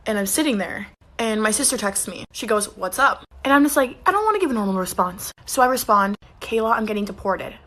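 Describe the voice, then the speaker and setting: A woman's voice: mid-range voice, animated, brisk, a bit bright. A young woman telling a mischievous comic story, giggling often.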